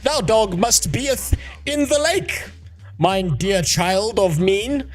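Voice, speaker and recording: Pompous faux-Shakespeare game quest giver, put on by a man; slow, high and theatrical. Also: animated, soft background music. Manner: mock-Shakespearean, drawn-out, slow.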